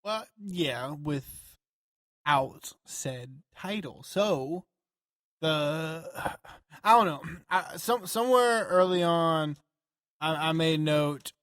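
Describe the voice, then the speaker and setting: A man co-hosting a podcast, talking in a rambling, profane and animated way. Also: on the high side, very slow, dry recording, studio quality. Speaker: podcast co-host. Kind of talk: casual chat.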